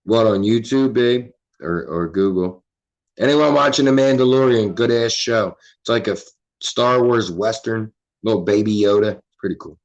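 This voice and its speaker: A man's voice: fairly low pitch, moderate pace, muffled recording. Laid-back Philly man chatting on stream. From Philadelphia. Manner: laid-back, profane, reading chat aloud. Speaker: livestream host. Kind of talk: casual livestream chat.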